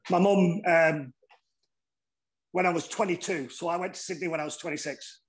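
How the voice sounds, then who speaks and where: A middle-aged man with a northern English accent, a former rugby player telling stories in a casual interview, animated and swearing freely. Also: on the high side, normal speed. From northern England. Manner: animated, swears freely, acts out voices in anecdotes.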